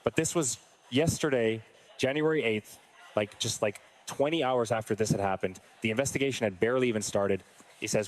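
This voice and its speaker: A man's voice: mid-range voice, brisk. A man giving online news commentary, reacting bluntly and with exasperation. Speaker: political commentator.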